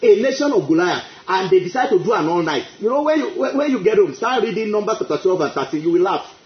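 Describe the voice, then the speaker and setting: Male preacher, high animated voice, emphatic repeats, echoey lo-fi recording. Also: fast talker. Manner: emphatic, repeats phrases, exclaims praise. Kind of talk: sermon. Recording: echoey, dull lo-fi.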